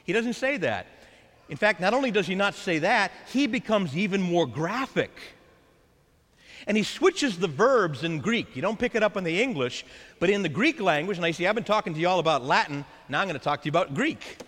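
Animated preaching man in a reverberant church. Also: high-pitched, fairly quick. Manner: animated preaching, acts out quoted voices. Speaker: priest. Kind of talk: sermon.

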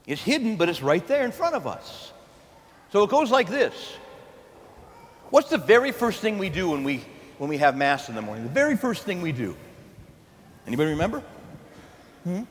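Male priest, high animated voice, preaching with call-and-response in a reverberant church. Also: moderate pace, long pauses, slight background noise. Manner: lively, call-and-response with the congregation, folksy asides. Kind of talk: sermon. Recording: long hall reverb in a church, faint ambience.

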